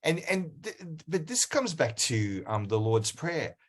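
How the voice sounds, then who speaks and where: A man hosts a casual podcast interview, his voice sitting high and swinging widely in pitch. He tells stories in an animated way and acts out the dialogue in them. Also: unhurried. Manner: animated storytelling, quotes dialogue. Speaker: podcast host.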